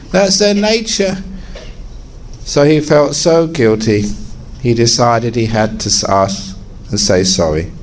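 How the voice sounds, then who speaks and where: A man, a Buddhist teacher, giving a sermon and telling a parable as a relaxed storyteller whose pitch climbs as the story builds. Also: a little hiss or hum. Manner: relaxed storyteller with lively swings into higher pitch.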